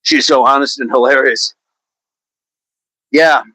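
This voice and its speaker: A man's voice: mid-range voice, slow pace, pushed and bright, no echo, poor audio. A man hosting a casual livestream, chatting with viewers in a hesitant way with many fillers and restarts. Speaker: livestream host. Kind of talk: casual livestream chat, reading viewer comments.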